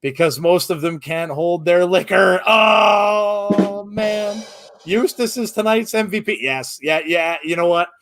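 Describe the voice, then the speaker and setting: A man's voice: fairly high pitch, normal speed, few pauses. A man hosting a live wrestling podcast stream, reading chat jokes aloud and laughing through them until he is teary. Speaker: podcast host.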